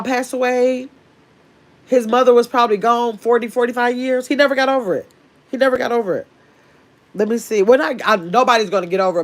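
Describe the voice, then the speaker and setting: A woman chatting on a casual home livestream, talking from her bed into a phone or webcam. Her voice sits a bit high, and she reads comments aloud and greets viewers by name in a loose, easygoing manner. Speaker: livestream host.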